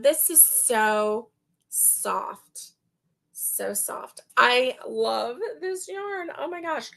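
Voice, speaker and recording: A woman's voice: fairly high pitch, creaky. A woman hosting a casual chat about yarn, gushing and laughing as she talks. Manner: gushing, slow and chatty, laughs often. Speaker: host.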